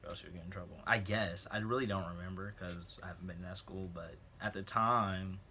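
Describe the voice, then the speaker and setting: Low-voiced young man telling a story. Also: fairly even intonation, a little fast, pushed and bright, a little hiss or hum. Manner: rambling, jokey asides, clears throat often. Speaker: vlogger. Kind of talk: casual storytelling.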